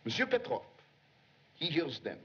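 Brief: eager, jumpy young police clerk, raised pitch, lively swoops, muffled old film sound. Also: male voice, unhurried, slightly rough, exaggerated voice. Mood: excitable. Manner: jumpy, flustered, pleading. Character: excitable young male police secretary eager to be a detective. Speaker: police secretary. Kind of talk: 1930s film acting. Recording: dull 1930s film soundtrack.

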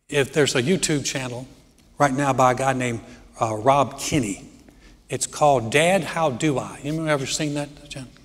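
A middle-aged man preaching a sermon as pastor, telling family stories and growing animated as he jokes. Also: mid-range voice, normal speed. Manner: storytelling, animated when joking. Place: church hall. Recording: church hall with long reverb.

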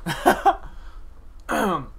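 A young man streaming gameplay, chatting casually and excitedly with slang and frequent laughs. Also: very slow, slight background noise.

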